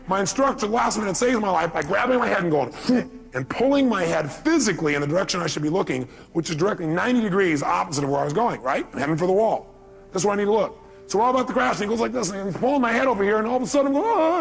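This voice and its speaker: Fast-talking gravelly motivational speaker man. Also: high voice. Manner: energetic storytelling, acting out dialogue. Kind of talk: live seminar speech.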